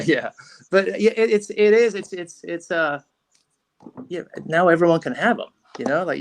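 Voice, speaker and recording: A man's voice: fairly high pitch, gravelly. A man being interviewed on a podcast, telling a rambling story with lots of restarts and fillers. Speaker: podcast guest, fishing rod company founder.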